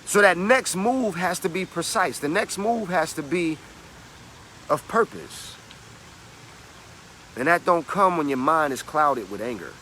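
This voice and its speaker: A man giving a motivational talk in a bright, fairly high voice. He is emphatic and slangy, and he preaches through street-level stories. A faint hum sits behind him. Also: animated, measured pace, pauses often. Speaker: motivational speaker.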